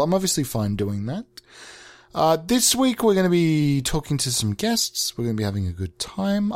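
A man hosting a comedy podcast, swearing often and swinging between loud excited bursts and mock-calm mumbling. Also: mid-range voice. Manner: swears a lot. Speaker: podcast host. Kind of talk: absurdist comedy monologue.

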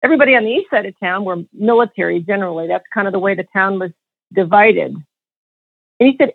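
A woman in her fifties, a podcast guest, telling her story in a lively way and acting out what others said. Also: medium pitch, a little fast, creaky, slightly rough, no room sound. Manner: animated storyteller acting out quotes. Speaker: podcast guest, financial advisor. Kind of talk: storytelling interview answer. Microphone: phone. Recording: tinny phone line, dry.

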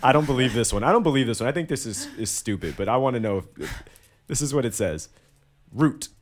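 A man hosting a casual slang quiz with friends, playful and quick to laugh, often stumbling over his words. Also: mid-range voice, animated. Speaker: host running a slang quiz. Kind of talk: casual group chat.

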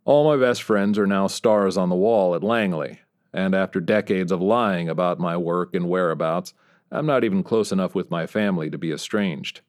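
A man narrating a first-person story in a wry, dry voice with dark humor. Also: sits low, moderate pace. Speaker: audiobook narrator.

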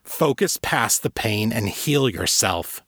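A man's voice: lowish voice, animated, slow pace, a bit bright, no echo, studio quality, exaggerated voice. A man voicing a brutal, contemptuous father and warrior trainer who growls and barks in a fantasy audiobook. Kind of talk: audiobook character reading.

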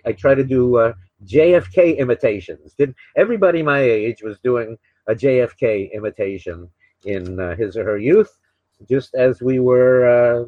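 A man's voice: medium pitch, no room sound. Rambling opinionated older male radio host. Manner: rambling, repeats words and fills with uh and um; opinionated, sarcastic. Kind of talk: casual solo talk radio monologue. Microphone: desk microphone beside a laptop. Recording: dull, slightly lo-fi dry recording.

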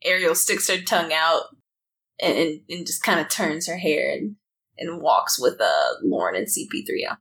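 A woman's voice: deep voice, animated, moderate pace, a bit bright, breathy edge. A woman player in a tabletop game, earnestly describing her character.

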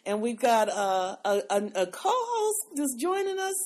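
A woman hosting a podcast in casual chat, upbeat and halting as she brings the guests in. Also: high-pitched, sing-song, darkish tone. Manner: upbeat, halting, repeats words. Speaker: podcast host.

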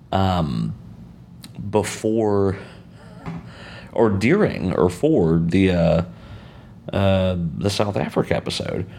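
A man's voice: deep voice, expressive, slow, creaky, long pauses, darkish tone. An American man hosting a podcast, talking casually on his own in a rambling way, with many fillers and restarts, on an outdoor balcony. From United States. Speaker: podcast host. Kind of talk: casual solo monologue.

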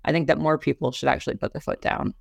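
A young woman co-hosts a podcast in loose, heated talk that rambles and restarts often. Her voice carries a gravelly, creaky texture at a middle pitch. The sound is close and dry, with no room around it. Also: steady tone, fast talker, no room sound. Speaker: podcast co-host. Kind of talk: casual opinion talk.

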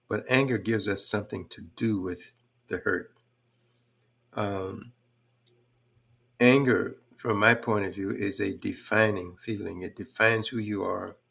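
Older guy with a raspy low voice, talking slow and thoughtful on a podcast. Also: a bit bright. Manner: measured, thoughtful, with frequent fillers. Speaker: podcast guest. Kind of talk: reflective conversational talk.

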